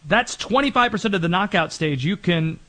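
High, lively sports show host. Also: male voice, brisk. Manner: energetic, emphatic, rattling off names. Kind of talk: sports commentary segment.

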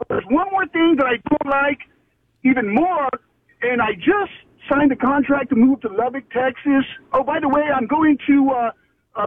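Very high-voiced male caller on a phone. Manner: meandering, full of fillers. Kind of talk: phone-in call to radio show. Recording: phone line.

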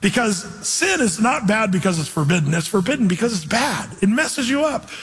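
A man's voice: sits high, very animated, fairly quick, a bit bright, slightly rough, in a large hall, poor audio. A man preaching an informal, earnest sermon in a church, quoting scripture and putting on voices to make his points. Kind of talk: conversational sermon.

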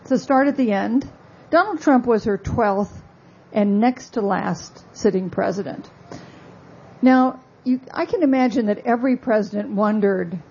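A woman author giving a talk about her book, telling stories in a measured, wry way with asides. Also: medium pitch, darkish tone, dull audio, a little hiss or hum. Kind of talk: lecture-style talk.

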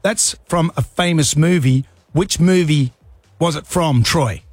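An Australian man hosting drive-time radio, bantering quickly and jokily with his co-host in the studio. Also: on the high side, no room sound, faint music behind. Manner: jokey, quick back-and-forth.

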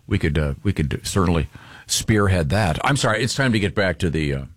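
A man's voice: low-pitched, expressive, fairly quick, no echo, studio quality. A man co-hosting a casual radio show, teasing and bantering. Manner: playful, teasing banter with restarts. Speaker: radio co-host. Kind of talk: casual morning radio chat.

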